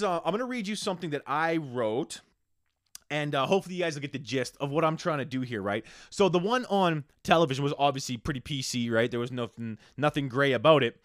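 A man, hosting a casual solo podcast and ranting profanely, swinging between loud outbursts and hushed asides. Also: on the high side, animated, brisk, dry recording, studio quality. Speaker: podcast host.

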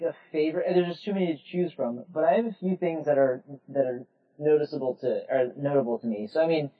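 A man's voice: mid-range voice, far from the mic. A man on a casual podcast who argues his point, stumbling over and repeating words. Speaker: podcast co-host. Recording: dull lo-fi audio, a bit off mic.

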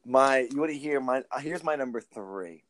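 A man's voice: mid-range voice, expressive, moderate pace, fairly bright tone, dry recording. Man with a light New Jersey accent. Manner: rambling, filler-heavy, laughs often. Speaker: podcast host. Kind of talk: casual chat. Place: outdoor backyard barbecue.

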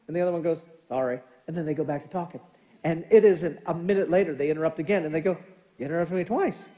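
A middle-aged man preaching a sermon as pastor, telling animated family stories and acting out quoted lines. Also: fairly high pitch, racing, highs cut off. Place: church sanctuary. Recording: long church hall reverb.

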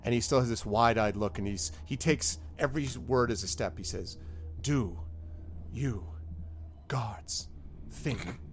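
A man narrating as game master in a relaxed, amused way, voicing the characters as he goes. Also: medium pitch, a little fast, hardly any pauses.

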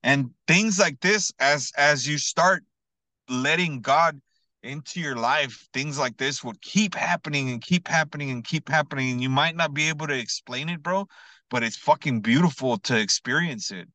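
A man tells a heartfelt story in loose, slangy podcast chat, dropping "bro" and "you know what I mean" constantly. His voice sits fairly high and bright with a forward edge. The sound is dry and close, with no room around it. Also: moderate pace, no room sound, low-quality recording. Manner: earnest, builds to excited emphasis. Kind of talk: casual storytelling.

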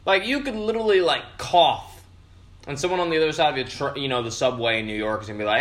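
A man's voice: a little high, quick pace, fairly bright tone. A young man hosting a podcast, tipsy from beer, rambling through a casual monologue full of swearing and fillers. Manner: profane, meandering, frequent fillers. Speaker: podcast host. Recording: roomy echo.

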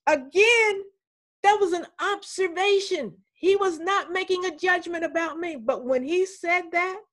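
A woman's voice: very high-pitched, a little slow, fairly bright tone. An older woman, a professor, telling anecdotes in a conversational interview and voicing the people she quotes.

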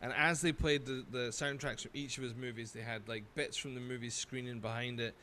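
A man's voice: medium pitch, steady tone, fairly quick, bright, forceful tone, a little hiss or hum. A man, a podcast co-host telling stories in casual chat, laughing often and swearing freely.

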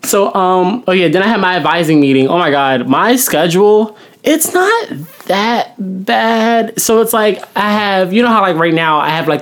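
A young woman, a podcast co-host in casual chat, telling animated stories, acting out quotes and laughing often. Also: deep voice. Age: young adult.

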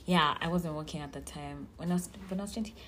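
A young woman hosts her own podcast, talking straight to her listeners in a loose, chatty way. Her voice sits a little low for a woman, and she drifts from thought to thought and corrects herself mid-sentence. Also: fast, slight background noise. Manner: chatty, rambling, self-interrupting. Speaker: podcast host. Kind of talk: casual solo podcast chat.

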